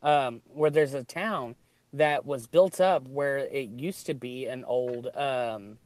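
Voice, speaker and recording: A man's voice: medium pitch, slow pace, no room sound. A man from the United States hosting a casual chat, rambling with many ums and hedges. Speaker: host.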